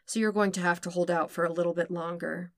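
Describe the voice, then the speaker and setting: A woman reading a podfic, voicing a dominant young man who murmurs softly and coaxingly. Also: fairly even intonation, fast talker, dry recording, lightly acted. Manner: soft, low, coaxing murmur.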